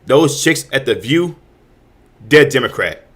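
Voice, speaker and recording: A male host ranting in heated commentary, his voice at a middle pitch for a man. He restarts his sentences over and over, repeating words as he pushes his point. Profanity runs through his delivery. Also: animated, unhurried, a bit bright, slightly rough. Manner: heated, repetitive, stammering restarts with frequent profanity.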